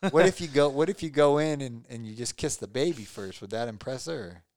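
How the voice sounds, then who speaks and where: A man's voice: medium pitch, brisk, a little mellow, dry recording. A man in casual chat, telling a rambling story and teasing his friend.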